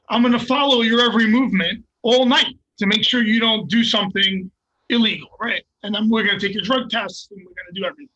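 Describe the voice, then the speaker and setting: A middle-aged man, a fighter, telling a story in a casual, profane and animated way and laughing at himself. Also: high voice, breathy edge, lo-fi sound. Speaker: guest, MMA fighter.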